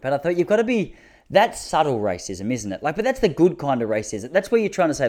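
A man's voice: on the high side, wildly swooping pitch, a little fast, dark tone. Aussie guy in his 30s telling funny stories, crude and self-mocking, laughs at his own jokes. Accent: Australian. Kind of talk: casual comic storytelling monologue.

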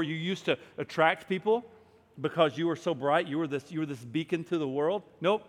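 A man preaching a sermon and reading scripture aloud, moving between hushed stretches and loud, emphatic ones. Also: a little high, normal speed. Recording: long hall reverb.

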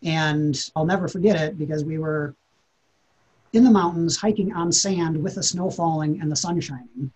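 Husky man telling a story. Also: fairly high pitch, moderate pace, a little mellow, rough recording. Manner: earnest, reflective, repeats words as he thinks. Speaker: podcast guest. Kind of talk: personal storytelling in a podcast interview.

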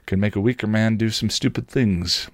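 A man's voice: lowish voice, normal speed, no room sound, natural voice. A man reading aloud and voicing a cocky roguish man who needles with a reasonable tone. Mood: needling. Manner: reasonable tone, taunting.

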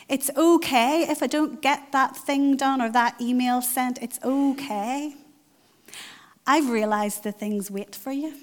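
A middle-aged woman giving a conversational sermon, driving points home by repeating them. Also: medium pitch. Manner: conversational, emphatic repetition. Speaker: church speaker.

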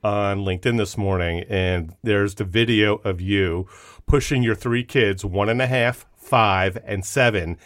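A man's voice: on the low side, measured pace, a bit bright. A man co-hosting a podcast, chatting in a jokey, enthusiastic way. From United States. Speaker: podcast co-host. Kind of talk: casual chat.

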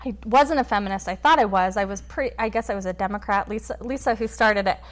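A woman guest on a podcast, telling a personal story in a quick, animated way and acting out what others said. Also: medium pitch. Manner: animated, quick storyteller who acts out quotes. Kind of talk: conversational storytelling interview.

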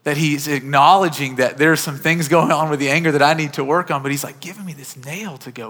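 A man's voice: on the high side, fairly even intonation, a little fast, few pauses, fairly bright tone. A man in his thirties preaching a sermon, telling a personal story in an earnest, conversational way. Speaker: pastor. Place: church auditorium. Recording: church hall reverb.

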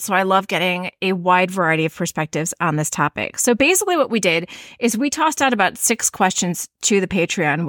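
A woman's voice: medium pitch, fairly bright tone, no echo. Woman, Midwestern American accent, podcast co-host, casual rambling talk, dry sound. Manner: rambling, filler-heavy. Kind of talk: casual chat.

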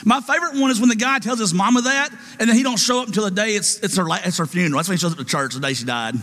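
A man's voice: sits high, racing, sharp tone, big-room sound. A man preaching a sermon, calling out to his congregation for responses in an emphatic, rousing way.

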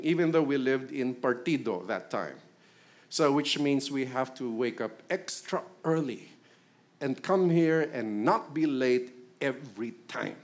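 Filipino man, middle-aged pastor, sermon, conversational, slightly high voice, very animated pitch. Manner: conversational, asks the congregation questions.

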